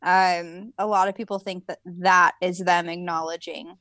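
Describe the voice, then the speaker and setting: A woman co-hosting a podcast, explaining habits and change in a measured way. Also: on the low side, flat delivery, fairly bright tone, no echo. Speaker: podcast co-host. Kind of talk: casual podcast chat.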